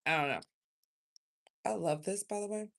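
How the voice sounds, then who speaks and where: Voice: medium pitch, moderate pace, creaky, fairly bright tone, a little hiss or hum. A tarot reader from South Carolina, giving a rambling, emotional, chatty card reading in a casual livestream.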